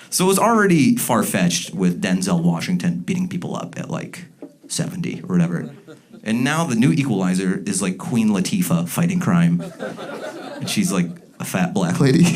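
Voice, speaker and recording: A man doing a stand-up comedy set, animated and jumping into loud, shouted character bits. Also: lowish voice, moderate pace, a faint crowd. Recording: live comedy club with audience laughter.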